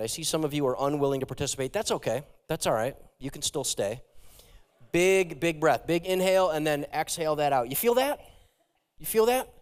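A man preaching a sermon as a pastor, animated and talking straight to his congregation. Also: medium pitch. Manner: animated, engages the congregation directly. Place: church sanctuary. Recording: long hall reverb.

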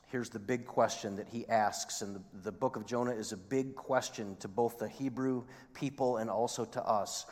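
A man's voice: medium pitch, steady tone, normal speed. Man preaching in a reverberant hall. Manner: storytelling, builds to emphatic peaks. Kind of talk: sermon.

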